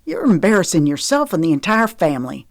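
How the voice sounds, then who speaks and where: A woman's voice: on the low side, very animated, a little fast, dry recording, clean studio sound. A woman voicing an earnest, anxious older brother who speaks in an urgent, pleading way in an audiobook. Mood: defensive.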